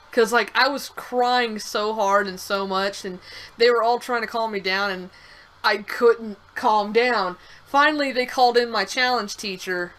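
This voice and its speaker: A woman's voice: on the high side, fairly bright tone, poor audio. A young woman co-hosting a game stream, telling a rambling story with restarts and the odd swear. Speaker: streamer co-host. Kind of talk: casual chat over a game stream.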